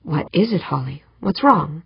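A woman voicing a tired, cautious male official who speaks crankily and in a measured way. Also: deep voice, expressive, vocal fry, husky, no room sound, exaggerated voice. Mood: cranky. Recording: dull muffled audiobook recording.

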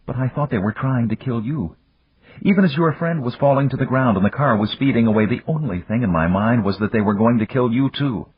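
A man voicing a frightened, fragile young woman who speaks softly and breathlessly. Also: a little fast, slightly rough, dry recording, phone-quality sound. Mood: frightened pleading. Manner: soft, uncertain, breathless higher voice.

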